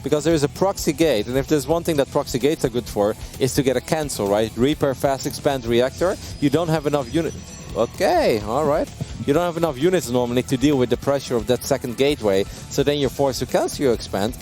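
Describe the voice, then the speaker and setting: A man in the middle of live esports commentary, lively and easily excited. He laughs often and his voice jumps high when a play surprises him, with faint music playing underneath. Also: fast talker, hardly any pauses. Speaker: esports caster.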